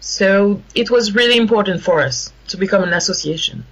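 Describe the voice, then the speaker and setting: A woman with a French accent, a guest in a radio interview, speaking haltingly and searching for words in English. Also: medium pitch, highs cut off. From France. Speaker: guest, activist.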